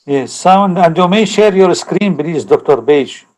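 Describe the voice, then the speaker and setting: A man hosting an online medical webinar and introducing the guest speaker over a video call, halting and filling pauses as he talks. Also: a little high, expressive, darkish tone. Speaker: webinar host.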